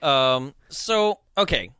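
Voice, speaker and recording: A man's voice: medium pitch, expressive, takes it slowly, bright, forceful tone, clear, resonant tone, no echo, studio quality. A man co-hosting a casual movie chat, rambling with frequent laughs and tag questions. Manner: laughs often, rambling, lots of "right?". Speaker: podcast co-host.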